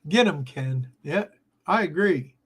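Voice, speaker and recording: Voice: medium pitch, expressive, a little slow, husky. An older host of a live model train show, chatting casually and reacting to viewer comments with frequent laughs. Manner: easygoing, laughs often while talking.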